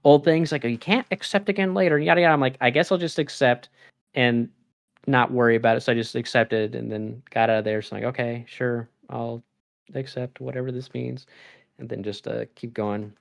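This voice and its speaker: This co-host of a laid-back gaming podcast is a young man with a gravelly, middle-pitched voice who talks briskly. He meanders through his stories with lots of laughter, and his pitch jumps up when he performs his own reactions, making the talk lively.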